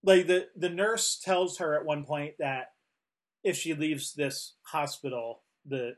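Man, podcast co-host, slow and halting, full of "um"s. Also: on the high side, fairly even intonation. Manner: hesitant, many fillers and restarts. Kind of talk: casual discussion.

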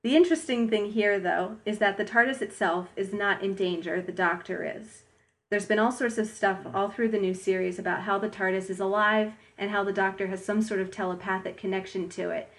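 A woman's voice: medium pitch, fairly even intonation, a little fast. A woman co-hosting a casual discussion, breezy and wry, offering asides. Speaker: podcast co-host.

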